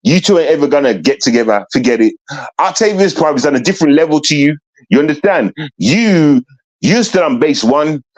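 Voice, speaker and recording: A man's voice: on the high side, lively intonation, fairly quick, highs cut off. A man ranting bluntly and confrontationally into the camera, repeating himself for emphasis. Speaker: vlogger. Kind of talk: ranting commentary.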